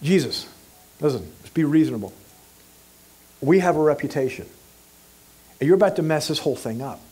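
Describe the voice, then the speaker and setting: A man's voice: fairly high pitch, animated, brisk, darkish tone, husky. A man voicing a flustered, pleading disciple. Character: anxious male disciple pleading with his teacher.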